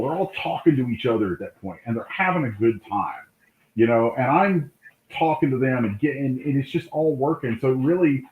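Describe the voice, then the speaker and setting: A man, a comic book artist, telling lively anecdotes in a casual interview, acting out the voices of people in his stories. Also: medium pitch. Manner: animated anecdote-telling, acts out quoted voices. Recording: tinny call line in an echoey room.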